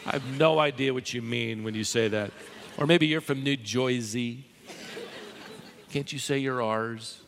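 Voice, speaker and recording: A man's voice: medium pitch, measured pace, creaky, a bit bright, slight background noise. A man preaching a sermon to a live congregation, emphatic and teasing the listeners. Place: large church hall with live audience. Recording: long hall reverb.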